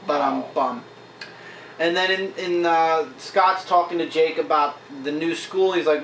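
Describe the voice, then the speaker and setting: A man's voice: fairly high pitch, measured pace, fairly bright tone, slight background noise. Chatty man reviewing comics in an echoey room. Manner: chatty, retells scenes with frequent fillers. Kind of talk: casual vlog review. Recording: echoey room, mic at a distance.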